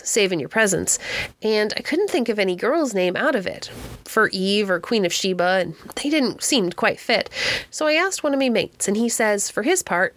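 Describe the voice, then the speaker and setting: A woman's voice: mid-range voice, a bit bright, natural voice. A woman voicing a shy, earnest young cabin boy with rustic sailor speech.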